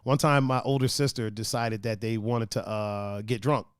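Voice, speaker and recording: A young man hosting a casual podcast, reading out viewer comments and telling lively stories with acted-out quotes. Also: moderate pace, clean tone, no room sound, studio quality. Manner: animated storyteller who acts out quoted voices with big pitch jumps. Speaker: podcast host.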